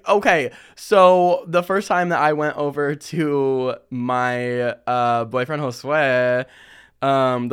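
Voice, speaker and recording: A young man hosting a casual chat, reading listener stories and telling his own with lively slang and frequent laughter. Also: on the high side, clean tone. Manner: animated, laughs often, chatty slang. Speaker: podcast host.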